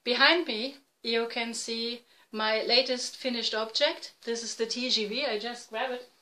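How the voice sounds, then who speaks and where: A woman in her forties from East Germany with a German accent, hosting a casual podcast in halting, self-correcting English. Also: on the high side, steady tone, bright, forceful tone, low-quality recording. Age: 40s. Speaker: podcast host. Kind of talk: casual video podcast chat. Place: home room, dim light.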